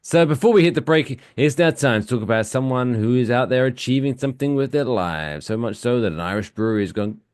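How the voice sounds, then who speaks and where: A man's voice: medium pitch, lively intonation, a little fast, few pauses, dry recording. A man co-hosting a comedy podcast, chatting casually and crudely, often slipping into jokey voices. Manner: crude, loud, swings into jokey impressions. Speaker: podcast co-host.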